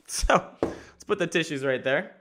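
Brief: young male host, bright and slightly high voice, rambling profane comic monologue. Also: a little slow, slight background noise. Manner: rambling, profane, animated riffing. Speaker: show host. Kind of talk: solo comedic monologue.

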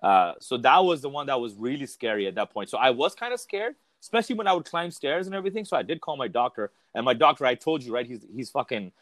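A man's voice: mid-range voice, lively intonation, fast talker, hardly any pauses, a bit bright, dry recording. Candid, swearing man telling stories. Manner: candid, swears freely, storytelling with many restarts. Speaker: podcast guest. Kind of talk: casual chat.

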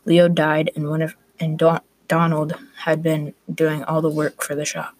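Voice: medium pitch, completely flat delivery, unhurried, dry recording. A student narrating a class story aloud, reading plainly with small restarts.

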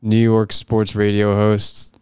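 A man's voice: fairly low pitch, monotone, takes it slowly, a little mellow, clear, resonant tone, dry recording, studio quality. A man co-hosting a podcast, telling a sports story in a rambling, hesitant way. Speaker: podcast co-host. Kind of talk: casual chat.

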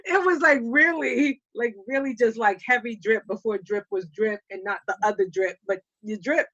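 A woman, telling stories in casual podcast chat, animated and slangy, often laughing. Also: on the high side, normal speed, lo-fi sound. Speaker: podcast guest, public speaker.

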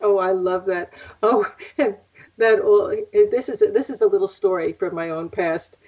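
Chatty older woman, husky and muffled. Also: medium pitch, moderate pace. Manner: chatty, laughs often, animated storyteller. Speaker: psychic guest. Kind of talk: casual interview storytelling. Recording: muffled lo-fi audio.

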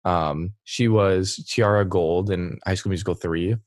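Low-voiced young man co-hosting. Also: fairly even intonation, a little slow, dry recording, clean studio sound. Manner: friendly, hesitant with "um" and "uh". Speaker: podcast co-host. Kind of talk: casual podcast interview.

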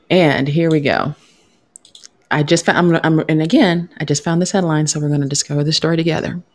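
A woman with a notably deep speaking voice, chatting casually as a co-host. She laughs constantly and makes crude jokes. She reads a news story aloud in an offhand way. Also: gravelly, darkish tone. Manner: laughs often, crude and playful. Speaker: podcast co-host.

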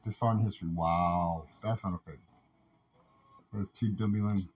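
A man's voice: low voice, fairly even intonation, moderate pace, a little mellow. A man delivering a rambling, agitated, profanity-filled monologue as a podcast host, talking in long runs broken by constant fillers. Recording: muffled lo-fi recording with faint background noise.

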